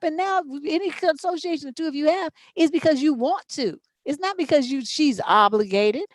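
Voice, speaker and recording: In unscripted chat on her relationship advice show, a middle-aged woman gives blunt, emphatic, profanity-laced answers. Her voice sits high, with no room sound.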